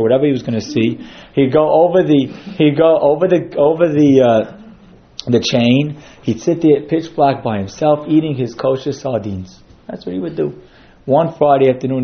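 A man's voice: mid-range voice, highs cut off. A man giving a sermon that centres on a told story, acting out quotes as he goes. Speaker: synagogue speaker.

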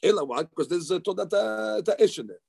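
A man teaching Talmud in a lively study session, mixing Hebrew terms into his English. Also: sits high, fairly quick, vocal fry, crowd noise. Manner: animated, excitable, mixes Hebrew terms into English.

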